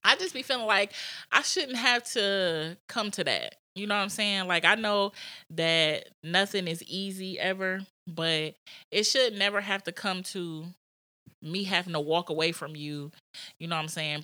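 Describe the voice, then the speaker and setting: A woman's voice: on the low side, normal speed, pushed and bright, dry recording. A young woman co-hosting a podcast, talking reflectively and frankly in casual chat. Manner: reflective, frank, laughing asides. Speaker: podcast co-host.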